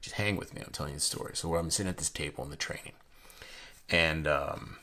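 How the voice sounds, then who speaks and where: While reviewing a deck of playing cards, a young man chats casually in a very deep, bright voice with a forceful tone and quick pace. He rambles from story to story, full of fillers and restarts, in this unboxing chat.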